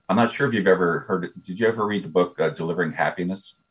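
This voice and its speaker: A fast-talking man whose voice sits low appears as an eager business coach guest in a relaxed interview, frequently doubling up his opening words at the start of a thought.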